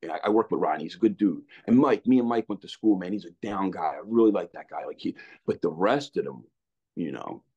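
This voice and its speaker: Low-voiced rambling man, lo-fi. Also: animated, brisk, dark tone, husky. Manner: rambling, frequent restarts, says "man" and "you know what I mean". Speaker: interview guest. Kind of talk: candid storytelling conversation. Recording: dull lo-fi sound.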